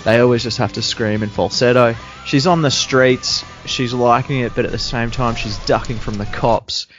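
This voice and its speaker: A man's voice: medium pitch, steady tone, normal speed, a bit bright, soft background music. Joking man ranting on a podcast. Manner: sarcastic, joking rants with laughter. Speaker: podcast co-host recapping a show. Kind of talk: casual chat. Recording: dull lo-fi sound.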